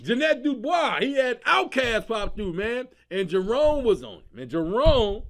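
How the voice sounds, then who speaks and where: A man's voice: very high voice, a little slow, vocal fry. A man hosting his own comedy show, talking casually and with lots of slang, often laughing as he riffs. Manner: animated, slangy, breaks into laughter. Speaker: comedian host.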